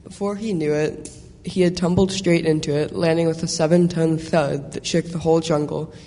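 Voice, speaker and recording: A man's voice: on the high side, fairly even intonation, moderate pace, warm tone. A man reading a children's story aloud, taking turns with another reader, with small restarts. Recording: echoey hall, faint noise.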